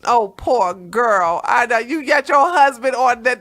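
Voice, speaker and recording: A brash woman commentator with a high, bright, forceful voice. She is profane and sassy, mocking what she covers on her livestream. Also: expressive, measured pace, hardly any pauses. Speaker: host of a political commentary livestream. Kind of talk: opinionated political commentary.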